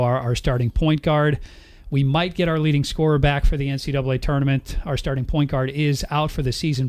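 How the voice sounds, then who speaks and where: A man's voice: mid-range voice, a little mellow. Young male sportscaster guest, cheerful, tells stories on himself. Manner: upbeat storyteller, laughs at himself. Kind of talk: casual sports radio chat.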